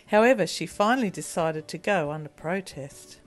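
A woman reading a children's storybook aloud in a gentle, expressive way. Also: on the low side, moderate pace, few pauses, faint music behind.

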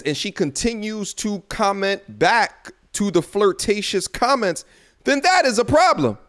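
A man hosting a relationship talk show gives his take in a loose, conversational way. His voice keeps jumping up in pitch when he drives a point home, and he sounds lively and emphatic. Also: unhurried. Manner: animated, climbs high when making a point. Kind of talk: casual commentary.

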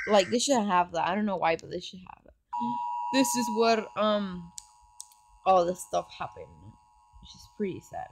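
A woman giving casual gameplay commentary on her phone, excitable and full of gasps and exclamations. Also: mid-range voice, very noisy. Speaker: gaming channel host. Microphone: phone microphone while screen recording.

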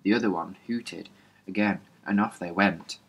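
A man's voice: sits low, normal speed, breathy edge. A man reading a novel aloud as an audiobook, plainly, with small slips and restarts. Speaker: reader.

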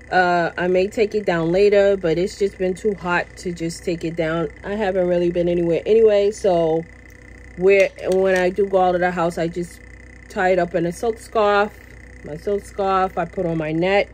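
A woman's voice: lowish voice, slight background noise, rough recording. A woman vlogging casually from her workplace, chatty and passionate, repeating herself and tagging her lines with "okay?". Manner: passionate, now and then gets loud. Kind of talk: casual chat to camera. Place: at work, indoors.

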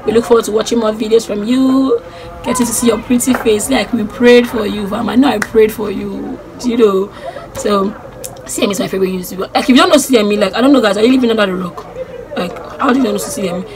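A young woman with a Nigerian accent talks to camera in a casual, gushing way, circling back to the same praise again and again. Her pitch sits mid-range for a woman. There is clear background noise under her voice throughout. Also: quick pace. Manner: gushing, excitable, repeats herself. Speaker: YouTuber. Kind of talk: casual vlog chat.

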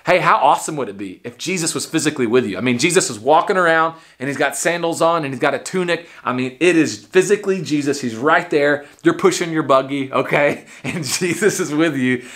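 A man's voice: on the high side, fairly quick, hardly any pauses, fairly bright tone. A young man with a Texan accent preaching a livestreamed sermon in a conversational way, stumbling and repeating words as he talks. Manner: quotes people and Jesus in short acted voices. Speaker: pastor.

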